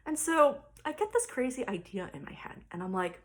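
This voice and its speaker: A woman in her thirties, a mother casually telling a story to camera, animated and exasperated as she acts out the conversation. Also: fairly high pitch, moderate pace, hardly any pauses. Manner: animated, exasperated retelling with quoted dialogue.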